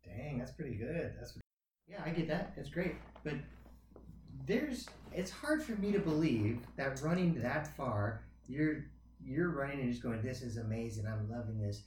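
A man's voice: a little high, animated, measured pace, darkish tone. Laid back guy agreeing along, roomy sound, mic far away. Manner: easygoing, agreeable, laughs often. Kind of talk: casual chat. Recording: echoey room, mic at a distance, faint noise.

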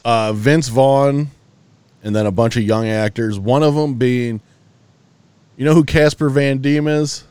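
A man's voice: medium pitch, steady tone, measured pace, a little mellow, clear, resonant tone, dry recording. A man co-hosting a podcast, telling a long story in casual chat, loose and profane with lots of restarts, sounding tired. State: yawning, tired. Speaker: podcast co-host.

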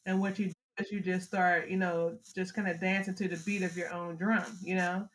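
Animated storytelling mother, middle-aged woman. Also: fairly low pitch, fairly quick, poor audio. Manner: animated storyteller, acts out family scenes with laughter. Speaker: podcast guest, mother of the host. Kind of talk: casual parenting advice chat.

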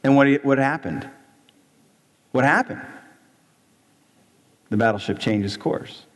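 A man's voice: medium pitch, slow. A man preaching an emphatic sermon as a pastor in a church, stressing points by repeating them and asking rhetorical questions. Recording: long reverb in a church hall.

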